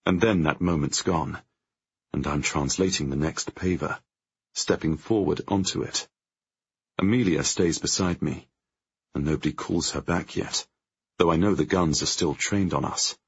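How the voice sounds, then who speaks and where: A man narrating a first-person audiobook in a tense, measured way, with a gravelly, husky voice. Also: very deep voice, dry recording. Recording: dry, dull lo-fi audio.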